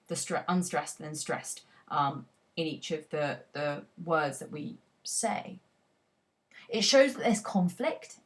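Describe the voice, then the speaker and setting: A woman teacher giving a poetry analysis lesson, talking expressively and reading quoted lines aloud with dramatic emphasis. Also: fairly low pitch.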